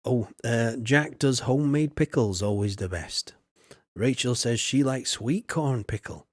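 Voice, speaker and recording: A man's voice: mid-range voice, expressive, moderate pace, breathy edge, no echo. A man streams a farming game in loose, rambling chat, full of self-mocking asides. His voice sits mid-height for a man. The sound is close and dry, with no room around it. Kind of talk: casual gameplay chat.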